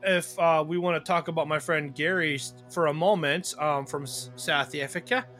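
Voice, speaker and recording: A man's voice: a little high, fairly even intonation, normal speed, a bit bright, soft background music. A man hosting a podcast in casual conversation, chatty and rambling with fillers. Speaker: podcast host.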